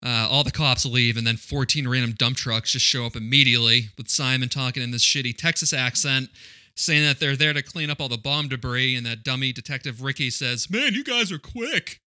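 A man's voice: mid-range voice, steady tone, a little fast, sharp tone, no echo, studio quality. A man co-hosting a casual movie-review podcast, recapping the plot with crude, mocking jokes. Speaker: podcast co-host.

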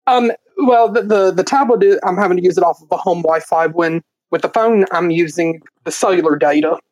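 A man's voice: sits high, normal speed, a little mellow, no room sound, poor audio. A man with a Southern accent, the podcast's producer, talking hesitantly with many fillers. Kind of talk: casual podcast chat.

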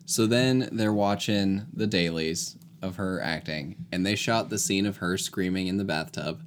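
A woman's voice: very deep voice, a little slow, slight background noise. A woman co-hosting a podcast, chatting casually about a movie with dry, teasing commentary. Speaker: podcast co-host.

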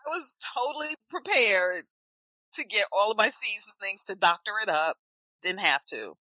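A woman with a New Jersey accent chatting on a podcast as a guest, animated and playful. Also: mid-range voice, normal speed, no room sound, low-quality recording. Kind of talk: casual podcast chat.

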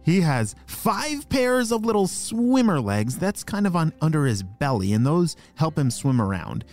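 Guy reading a kids story, super expressive, soft music under it. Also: a little high, measured pace. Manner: animated, asks listeners questions. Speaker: children's storyteller.

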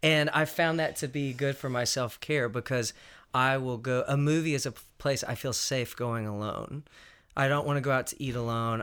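A man's voice: mid-range voice, fairly bright tone, clear, resonant tone. Panel guest, male, Southern US accent: reflective, hunts for words, laughs easily. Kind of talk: casual panel discussion.

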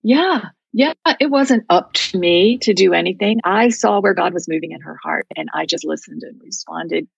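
A woman's voice: lowish voice, normal speed, creaky, few pauses, breathy edge, no room sound, lo-fi sound. A woman guest telling a personal faith story in an earnest, heartfelt, reflective way. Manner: heartfelt, reflective, speaks of prayer and scripture.

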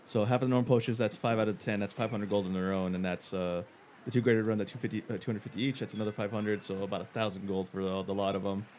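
A man voicing a cautious male shopkeeper who haggles over prices, with halting speech and faint background noise. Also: fairly low pitch, fairly even intonation, a little mellow, close to an everyday voice. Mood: bargaining. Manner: hesitant, halting bargaining.

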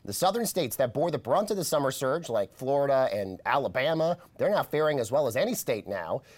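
A man co-hosting a casual news podcast, his voice hoarse and croaky from a cold, chatty and easily amused. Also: medium pitch, very animated. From Colorado. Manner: chatty, laughs easily, reads headlines briskly. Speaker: podcast co-host.

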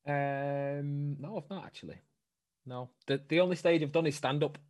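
A man's voice: fairly high pitch, normal speed, darkish tone, no echo. A man, an actor and comedian, chatting as a podcast guest, bantering back and swearing casually. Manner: bantering, swears, defends his craft. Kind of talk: casual chat.

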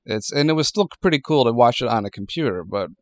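A man co-hosts a casual podcast chat. He rambles wryly and leans on fillers like "like" and "you know". His voice sits at an ordinary pitch for a man. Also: animated, quick pace. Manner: rambling, filler-heavy, wry. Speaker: podcast co-host.

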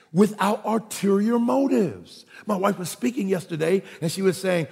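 A man preaching a sermon as pastor, animated and jokey, swinging between loud and soft. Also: sits high, brisk, vocal fry, husky. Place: church hall. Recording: reverberant hall recording.

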